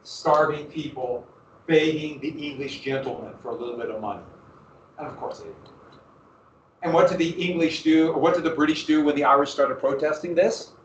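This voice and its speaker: A man teaching a history class in a classroom, lecturing lively and often asking his students questions. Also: on the high side, moderate pace, a little hiss or hum. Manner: lively, asks the class questions, restarts phrases. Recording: roomy, distant, dull classroom recording.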